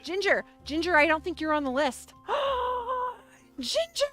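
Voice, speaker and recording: A woman's voice: sits high, brisk, fairly bright tone, soft background music. A woman hosting a casual livestream, bubbly and playful, chatting straight to her viewers. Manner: bubbly, playful, talks to chat. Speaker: livestream host.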